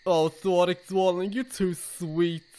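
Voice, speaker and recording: A man's voice: high-pitched, flat delivery, slow pace, dark tone, smooth. A man voicing Rouge, a crude flirty bat woman. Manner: sultry, teasing, pushy. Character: vain flirtatious female bat, brash and crude. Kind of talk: amateur cartoon voice acting.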